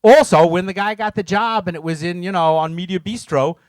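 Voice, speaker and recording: A brash middle-aged man with a notably high voice gives blunt, joking business advice at a seminar, acting out little scenes in put-on voices as he goes. His voice sits high for a man. The sound is dry and close. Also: fairly even intonation, a little fast, clear, resonant tone, no echo. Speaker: seminar co-presenter.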